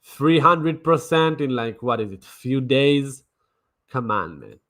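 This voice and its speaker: A man's voice: mid-range voice, lively intonation, slow, a bit bright. A man streaming crypto trading commentary in a brash, mocking way, swearing and repeating himself. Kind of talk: casual livestream commentary.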